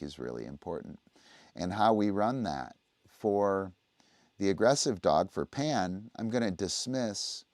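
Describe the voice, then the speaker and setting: Low-voiced man teaching dog training. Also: a little mellow, dry recording. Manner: conversational, explaining, often asks "right?". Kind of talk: livestream teaching.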